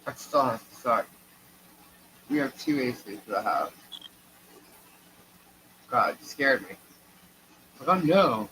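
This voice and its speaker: A middle-aged woman co-hosting a live stream speaks in a very deep, expressive voice that is a bit bright, going slowly and pausing often. She laughs between sentences while rambling through a long family story. The recording is low quality, with a little hiss or hum.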